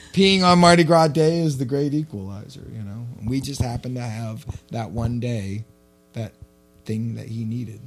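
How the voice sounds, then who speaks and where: A man, co-hosting a podcast and telling a story in casual chat. He swears freely and gets loud and animated. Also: mid-range voice, unhurried. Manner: profane, animated storyteller who shouts when quoting himself. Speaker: podcast co-host.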